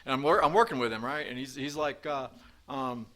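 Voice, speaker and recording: A man's voice: mid-range voice, a little fast, fairly bright tone. Rambling man sharing his recovery story. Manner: rambling, many fillers and restarts. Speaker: recovery meeting speaker. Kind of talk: personal recovery talk. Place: meeting room with audience.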